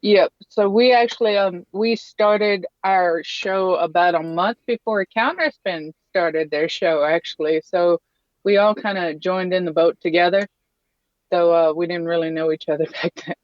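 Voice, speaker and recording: A woman guest talking quickly and giggling from a van. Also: on the low side, no echo, lo-fi sound. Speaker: guest, news show co-host. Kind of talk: casual interview talk.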